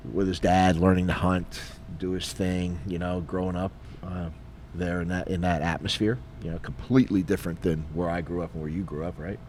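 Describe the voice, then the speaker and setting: A middle-aged retired police officer co-hosting a podcast, telling a story in a lively, casual way and acting out the dialogue. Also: male voice, low voice, a little fast, hardly any pauses, slight background noise. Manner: animated, acts out dialogue, frequent fillers.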